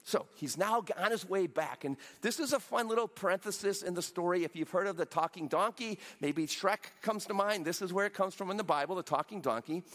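A man's voice: high voice, brisk, hardly any pauses, a bit bright, big-room sound. A man preaching a sermon, retelling a story with playful voiced asides for the characters. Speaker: pastor.

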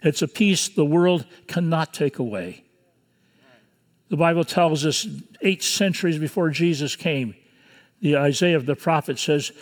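A man in his sixties preaching a sermon as pastor, earnest and measured, with pauses between phrases. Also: fairly high pitch, lively intonation, big-room sound. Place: church sanctuary.

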